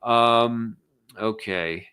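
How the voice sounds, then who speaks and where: American man, bright forceful voice, casual live Q&A, loose and rambling. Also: fairly low pitch, extremely slow, clean tone. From United States. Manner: loose and conversational, with many fillers and restarts. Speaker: immigration attorney hosting a live Q&A. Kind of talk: casual live Q&A, reading viewer questions.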